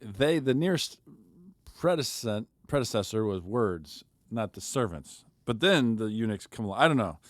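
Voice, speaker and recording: A man's voice: on the low side, moderate pace, no echo. A man co-hosting a podcast, chatting casually about Bible stories, reading scripture aloud and acting out the quoted lines with energy. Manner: animated storyteller, acts out quoted lines. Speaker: podcast co-host.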